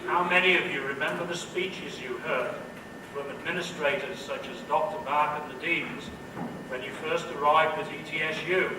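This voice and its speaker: A man's voice: on the high side, moderate pace. A man giving a humorous commencement address as a professor, with a dry, witty delivery. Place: large indoor hall. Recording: echoey hall, distant mic, noisy.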